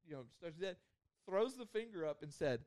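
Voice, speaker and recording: A man's voice: high voice, big pitch swings, normal speed, a little mellow, no echo. A man, telling a rambling story on a podcast with lots of laughter. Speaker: podcast host. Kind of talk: casual storytelling.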